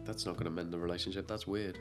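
Host: young guy, low-pitched, joking sarcastic commentary. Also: fairly even intonation, quick pace, music in the background. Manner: sarcastic, jokey, laughs often. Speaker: reaction video host. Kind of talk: casual commentary.

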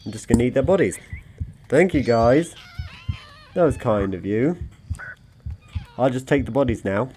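A man's voice: mid-range voice, moderate pace, pauses often, darkish tone, slight background noise. A man giving rambling, jokey let's-play commentary, chatting to the creatures in his game. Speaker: gaming video creator.

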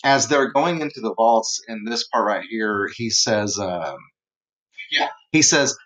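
A man's voice: lowish voice, a little slow, a bit bright, poor audio. A man teaching a literature lesson in a casual, rambling way, with lots of fillers as he retells a story. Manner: rambling, conversational, many fillers.

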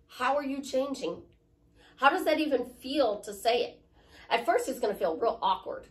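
A woman life coach with a high-sitting, animated voice speaks at a moderate pace, picked up by a distant mic. Her motivational talk is chatty and repetitive, and she often jokes at her own expense.

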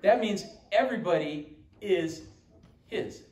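A man's voice: high voice, animated, slow pace, darkish tone. A man preaching a sermon as pastor, emphatic and quoting scripture. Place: church sanctuary. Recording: echoey church room from far off.

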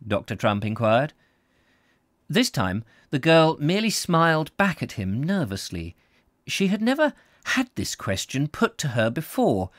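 A man narrating a novel in an expressive reading with small slips. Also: medium pitch, no echo, clean studio sound. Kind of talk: audiobook reading.

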